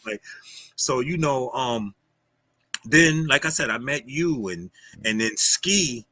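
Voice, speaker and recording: Bright-voiced man telling street stories. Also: mid-range voice, expressive, slow, dry recording. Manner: storytelling, loose street slang, lots of "yo". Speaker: guest. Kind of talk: casual livestream talk. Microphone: streaming call mic.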